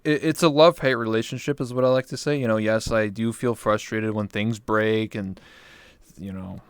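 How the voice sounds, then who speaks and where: Young male host, casual chat, lots of "like" and "you know", emphatic, smooth voice, dry sound. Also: fairly low pitch, fairly even intonation, normal speed, no room sound. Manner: rambling, filler-heavy, emphatic. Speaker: talk show host.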